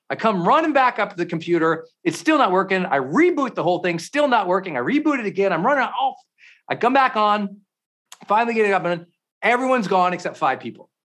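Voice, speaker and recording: A middle-aged man with a high voice hosts a podcast, giving a motivational talk. He tells stories with intense swings from quiet to loud.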